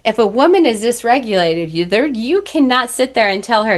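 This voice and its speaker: A woman's voice: a little high, animated, fairly quick. A young adult woman, a relationship coach, talking bluntly and animatedly in a candid podcast conversation, slipping into acted-out voices.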